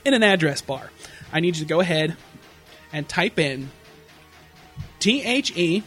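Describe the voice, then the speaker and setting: A man's voice: a little high, sing-song, a little slow, fairly bright tone, faint music behind. A man co-hosting a podcast, swearing and mocking in loose, joking banter. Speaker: podcast co-host. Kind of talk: crude comedic podcast banter.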